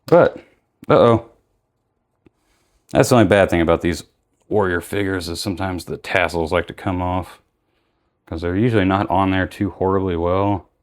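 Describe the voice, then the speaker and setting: This young man has a notably low-pitched voice, a steady tone, and a moderate pace, pausing often. In a relaxed, casual way he describes unboxing an action figure, rambling and correcting himself repeatedly.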